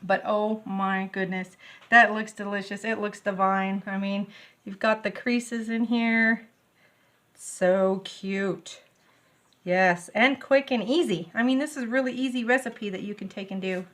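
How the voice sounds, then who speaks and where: A woman's voice: mid-range voice, unhurried. Bubbly woman cooking at home. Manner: bubbly, gushing, easily excited. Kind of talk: casual cooking demonstration. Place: home kitchen.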